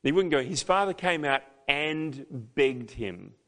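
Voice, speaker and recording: A man preaching a sermon as pastor, emphatic, with loud, dramatic peaks. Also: a little high, animated, measured pace. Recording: long hall reverb.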